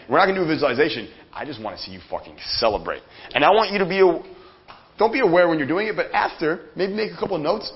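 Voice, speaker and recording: A man giving a live motivational seminar talk, energetic and profane, speaking straight to the audience in the room. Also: on the high side. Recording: dull lo-fi sound.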